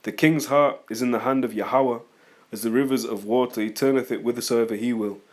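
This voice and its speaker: Casting: man, mid-pitched, informal scripture teacher, rambling, argumentative, talks back to critics. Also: fairly even intonation, fairly quick. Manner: rambling, conversational, reads scripture aloud then comments; argumentative, addresses critics directly. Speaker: religious teacher.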